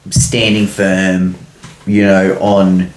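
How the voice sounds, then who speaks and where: A man co-hosts a podcast in an easygoing chat, winding through a story with plenty of fillers and casual swearing. His voice sits on the low side. The room around him is echoey. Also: little pitch movement, very slow. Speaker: podcast co-host.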